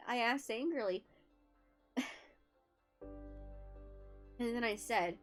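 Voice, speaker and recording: A woman's voice: on the high side, a little slow, pauses often, fairly bright tone, soft background music. A young woman streamer reading a story aloud for comic effect, amused and breaking into asides.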